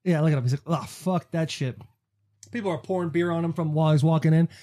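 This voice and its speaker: A man in casual podcast chat, retelling a fight night in a fast, animated way and swearing freely. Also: a little high. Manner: fast, animated storytelling with profanity; breaks into sung snippets when retelling. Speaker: podcast co-host.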